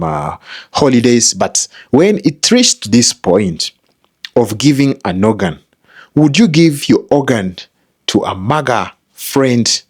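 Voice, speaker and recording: A man hosting a reaction video, asking his viewers questions directly. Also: medium pitch. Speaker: host.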